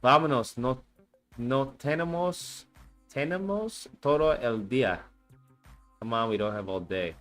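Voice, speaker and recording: A man's voice: mid-range voice, animated, measured pace, a bit bright, soft background music. A young man on a casual live stream, thinking aloud with frequent cursing and reading answers off a screen.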